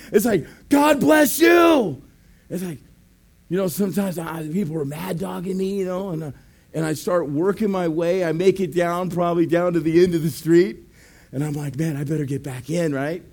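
A male pastor telling a lively testimony in a sermon, shouting out quoted blessings as he tells the story. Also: high-pitched.

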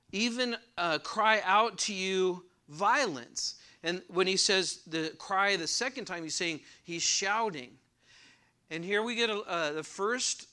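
A man with a fairly high, bright voice leads a Bible study at an unhurried pace. He explains each verse in plain, conversational words and poses rhetorical questions to his listeners. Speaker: pastor teaching a Bible study.

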